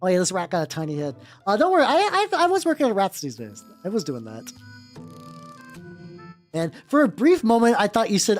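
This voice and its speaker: A man with a naturally high voice chatting casually on a livestream while painting miniatures, rambling and swearing freely. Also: wildly swooping pitch, brisk, soft background music. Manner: rambling, many fillers and restarts, swears freely.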